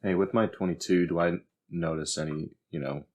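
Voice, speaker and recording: A man's voice: sits low, fairly even intonation, brisk, darkish tone. A man playing a tabletop game, rambling and swearing in casual talk. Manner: rambling, swears, many fillers. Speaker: player.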